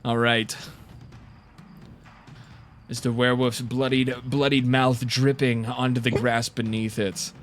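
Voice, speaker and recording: A man's voice: medium pitch, level tone, takes it slowly, long pauses, a bit bright, faint music behind. A man narrating as game master on a live stream, vivid and descriptive, with frequent uhs and restarts.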